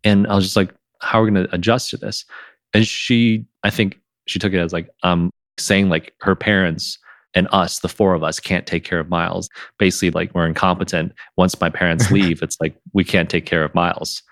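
A man hosting a podcast in casual conversation, who reenacts his own past lines in a livelier, higher voice. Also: little pitch movement, moderate pace, a bit bright, no room sound, studio quality. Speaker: podcast host.

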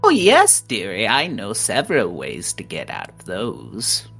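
A woman's voice: deep voice, big pitch swings, slow, husky, faint music behind, pitched above the performer's own voice, exaggerated voice. A woman voicing a sly, sickly sweet old hag granny who calls everyone dearie. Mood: sugary scheming.

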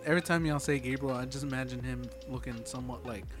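A man's voice: medium pitch, steady tone, quick pace, music in the background. A man in casual chat, reacting with short quips and laughter.

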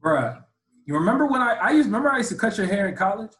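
A man co-hosting a podcast in casual chat, loud and teasing, talking over a video call. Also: high-pitched, very animated, fast, reverberant, poor audio. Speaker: podcast co-host.

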